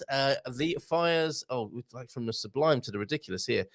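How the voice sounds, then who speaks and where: Male host, rambling and chatty; gravelly voice, very lively intonation. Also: mid-range voice, moderate pace, few pauses. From England. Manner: rambling, self-interrupting, chatty with bursts of excitement. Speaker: host reading viewer comments. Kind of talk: casual livestream chat.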